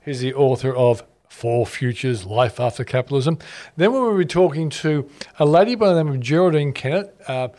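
A man's voice: mid-range voice, a little fast, warm tone. An Australian man co-hosting a talk show, bantering casually and introducing guests with jokes and frequent fillers. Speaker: co-host.

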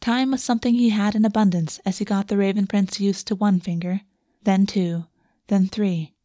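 A woman reading a fantasy romance aloud as narrator, in a soft, steady storytelling voice on a close microphone. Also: mid-range voice, moderate pace, no echo. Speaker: audiobook narrator. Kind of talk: scripted narration.

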